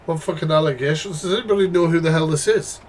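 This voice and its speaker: A British man hosting a live reaction stream, his voice sitting a little high for a man. He fires off blunt, sweary, exasperated asides to his chat. A faint hum of room ambience sits behind him. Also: fast talker. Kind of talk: casual live commentary.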